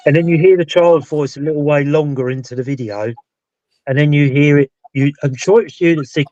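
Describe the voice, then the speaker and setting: A man's voice: a little high, fairly quick, darkish tone, dry recording. British male host, casual rambling live-stream talk, dead dry muffled recording. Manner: rambling, loses his thread and restarts. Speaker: paranormal investigator and show host. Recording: dull dry lo-fi sound.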